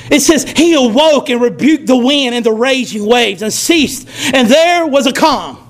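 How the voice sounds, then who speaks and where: A man preaching a sermon as pastor of his church, building to shouts and drawing call-and-response. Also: very high-pitched. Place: church sanctuary.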